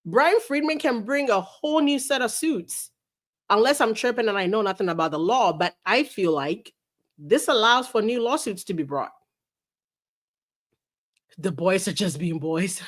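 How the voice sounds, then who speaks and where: A woman hosting a casual livestream, chatting about a lawsuit and reading viewer messages aloud in an animated way. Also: fairly high pitch, moderate pace. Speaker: livestream host.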